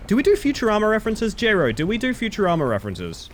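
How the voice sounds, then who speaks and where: A man streaming a game live, chatting casually with his viewers in a playful, animated way and swearing freely. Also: high-pitched, fast, few pauses, a little hiss or hum. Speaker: livestreamer. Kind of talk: casual chat while gaming live.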